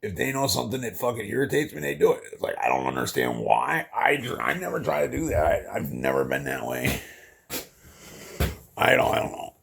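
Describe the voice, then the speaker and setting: A man's voice: on the low side, wildly swooping pitch, a little fast, a bit bright. A middle-aged man venting in a rambling vlog monologue, swearing constantly and leaning on fillers, upset and emotional. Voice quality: gravelly, husky. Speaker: vlogger.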